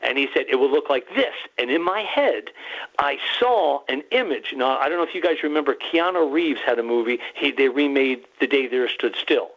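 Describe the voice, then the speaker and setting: Excited rambling man on a phone line. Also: mid-range voice, moderate pace. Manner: rambling, animated, restarts and quotes himself and others. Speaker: guest researcher. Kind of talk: excited storytelling on a radio talk show. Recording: muffled phone-line call-in.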